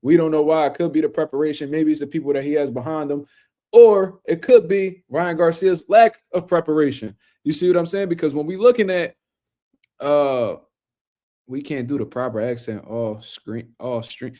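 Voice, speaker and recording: A man's voice: a little high, moderate pace, mellow. A man hosting a casual boxing livestream, talking loosely in slang and speaking to viewers in the chat.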